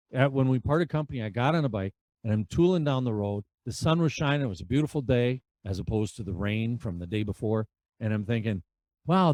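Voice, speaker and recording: A man in his fifties telling road stories as a podcast guest, animated and acting out the dialogue. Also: medium pitch, dry recording. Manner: animated storyteller who acts out dialogue. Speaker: podcast guest, veterans' charity rider. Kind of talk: conversational storytelling.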